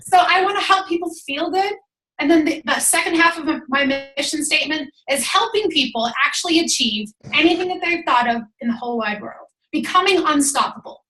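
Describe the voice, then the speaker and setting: Energetic high-voiced woman on a video call. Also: reverberant, low-quality recording. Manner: energetic, emphatic, breathless. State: out of breath. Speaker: guest speaker, fitness coach. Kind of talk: motivational talk on a video call.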